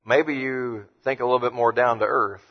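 A man preaching a sermon emphatically, slowing down to read verses. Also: medium pitch, steady tone. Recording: dull lo-fi sound with long hall reverb.

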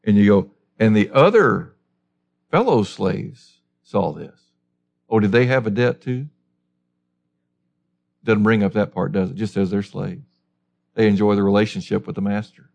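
A man's voice: on the low side, level tone, moderate pace, vocal fry, long pauses, a little mellow, lo-fi sound. A man preaching a sermon as a pastor, emphatic and full of rhetorical questions.

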